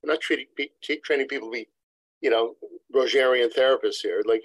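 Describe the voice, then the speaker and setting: A man's voice: medium pitch, fast, no echo, poor audio. A man, a couple therapist, explains research in a lecturing, digressive way as an interview guest. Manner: lecturing, digressive, acts out quotes. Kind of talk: expert explaining in a podcast interview. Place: New York City practice.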